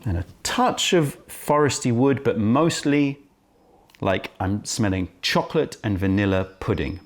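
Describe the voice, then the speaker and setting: A man presenting a casual tea-tasting vlog, highly caffeinated, chatty and full of self-interrupting asides, filmed on a camera right in front of his face. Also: expressive, measured pace. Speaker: tea shop owner and presenter.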